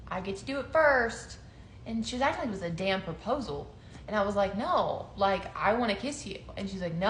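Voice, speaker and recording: A young woman in casual chat, telling a story with laughter and acted-out quotes. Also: medium pitch. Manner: animated, laughing, acts out quotes. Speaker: co-host telling their story. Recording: roomy echo, faint noise.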